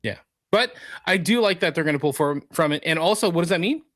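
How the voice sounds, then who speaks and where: A man's voice: on the high side, expressive, fast talker, a bit bright, no room sound. A man co-hosting a geek culture podcast, chatting casually and reading news items aloud. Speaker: podcast co-host. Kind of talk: casual chat.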